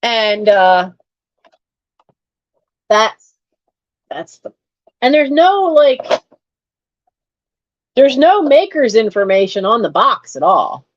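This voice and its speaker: In a muffled recording, a woman with a fairly high pitch talks casually as she unboxes collectibles she's selling online. She hosts a live sale and exclaims over each find.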